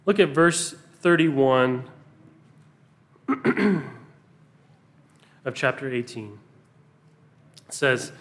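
A man preaching a sermon, earnest, pausing for emphasis as he reads scripture aloud. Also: mid-range voice, lively intonation.

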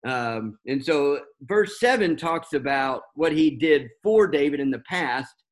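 A man's voice: on the high side, animated, measured pace. A man preaching a sermon, talking unscripted with many fillers and restarts.

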